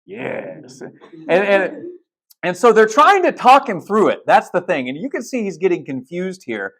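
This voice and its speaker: A man's voice: high-pitched, big pitch swings, a little fast, a bit bright. A male pastor preaching a sermon in a casual, storytelling way, retelling film scenes with blunt asides and restarts.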